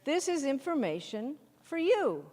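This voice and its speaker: A middle-aged woman, a textbook author, gives an animated workshop talk to teachers and keeps asking the audience questions and answering them herself. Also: sits high, unhurried. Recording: hall reverb.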